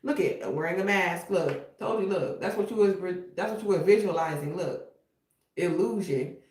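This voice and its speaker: A woman's voice: lowish voice, normal speed, a little mellow. A woman giving a casual tarot reading in a blunt, slangy way. She often repeats "okay?". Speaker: tarot reader. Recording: echoey room with noise.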